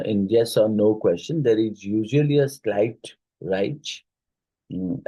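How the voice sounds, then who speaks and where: A man with an Indian English accent gives an exam-prep lecture in a low, mellow voice. He talks hesitantly with plenty of fillers as he works through each question. The recording is close and dry, with no room sound. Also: breathy edge, dry recording, low-quality recording. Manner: hesitant, many fillers, reads questions then explains. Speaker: teacher.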